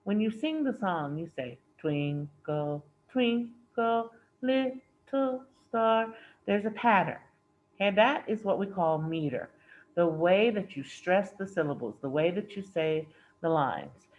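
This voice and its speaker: A woman's voice: lowish voice, big pitch swings, normal speed. A woman teacher explaining lesson material patiently, often checking in with okay and all right. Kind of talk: recorded classroom lesson explanation. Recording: dull lo-fi recording with faint hiss.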